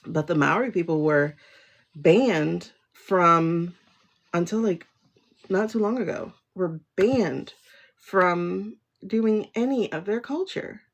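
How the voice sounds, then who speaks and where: Low gravelly woman, rambling livestream chat. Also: slow pace. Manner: rambling, emotional, frequent laughs and restarts. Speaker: livestream host, tarot reader. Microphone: phone.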